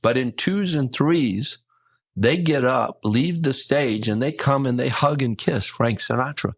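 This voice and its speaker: An older man, a hotel general manager, telling a story in a lively way and acting out the quotes. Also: medium pitch, unhurried, slightly rough, dry recording. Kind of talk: casual storytelling.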